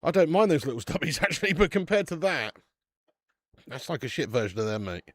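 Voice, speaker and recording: Laddish football streamer. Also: male voice, on the high side, sing-song, fairly quick, dry recording, studio quality. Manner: chatty and laddish, swears, calls viewers mate and lad; bursts out loud at match chances. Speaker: football watch-along streamer. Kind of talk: live match watch-along chat.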